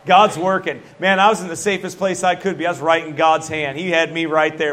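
A man's voice: on the high side, fairly even intonation, a little fast, a bit bright. A middle-aged man preaching a sermon as pastor, folksy and emphatic, often dropping a casual "man" into his lines.

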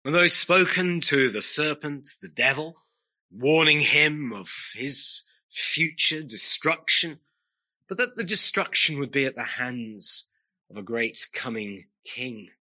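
A man preaching a sermon to his congregation, earnest and emphatic, leaning on slow, stressed phrases. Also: medium pitch, lively intonation, pushed and bright.

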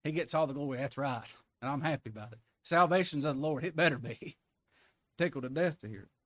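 Casting: male pastor, fairly high voice, folksy emphatic sermon delivery, dry close mic. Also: brisk, fairly bright tone, dry recording. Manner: folksy and emphatic, chuckles, rises to a preaching cry.

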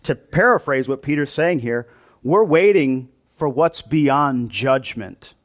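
A man's voice: medium pitch, expressive, takes it slowly. A male pastor preaching a sermon to his congregation in a church, in a conversational style that often asks them questions.

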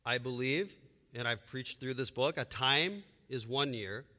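A man's voice: mid-range voice, measured pace, bright, forceful tone, in a large hall. A man preaching a sermon with emphatic delivery and repeated rhetorical questions. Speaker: pastor.

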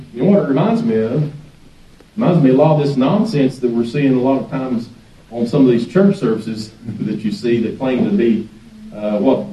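A man's voice: a little high, warm tone. A man preaching as a guest pastor in a church, telling the story in a folksy way and often chuckling. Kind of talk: sermon. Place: church sanctuary. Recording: echoey sanctuary, distant dull mic.

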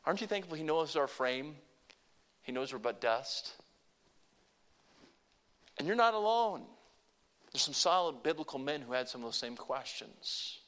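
A man preaching a sermon to a congregation, earnest and conversational, rising to emphatic peaks and dropping to soft, quiet asides. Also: a little high, expressive, measured pace, long pauses. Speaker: pastor.

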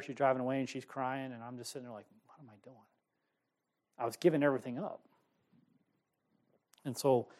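Middle-aged male preacher, fast storytelling testimony, swings loud to hushed. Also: medium pitch. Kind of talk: sermon testimony.

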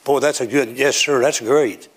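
In a church sanctuary with a platform, an older man delivers a sermon at a moderate pace, his mid-range voice carrying a breathy edge. His emphatic delivery climbs into declaiming runs and a loud preaching cadence.

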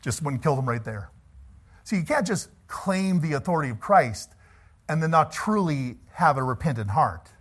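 A man preaching with loud swings. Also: a little high, lively intonation, normal speed, breathy edge. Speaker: pastor. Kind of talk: sermon.

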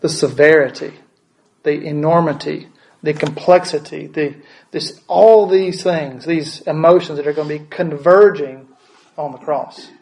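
Male pastor, slightly high-pitched, preaches with questions and repetition. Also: measured pace, a little mellow, rough recording. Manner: asks the congregation questions, repeats words for emphasis. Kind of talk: sermon.

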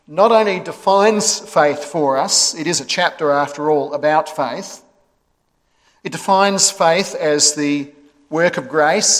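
A man delivering a sermon with a measured, emphatic cadence, pausing between phrases. His voice sits a little high for a man. It rings out through a reverberant church hall with a long echo. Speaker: preacher. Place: church sanctuary.

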